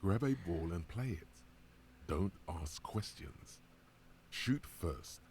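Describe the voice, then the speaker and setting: A man voicing a gruff inner voice in a video game, speaking bluntly and commandingly. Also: deep voice, animated, takes it slowly, a little mellow, a little hiss or hum.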